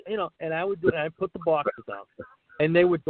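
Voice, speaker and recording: Animated middle-aged man over a tinny line. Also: high-pitched, fast talker, dry recording. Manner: animated, acts out dialogue in his stories. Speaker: guest, comedian. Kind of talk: casual interview storytelling. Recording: tinny call line, dry.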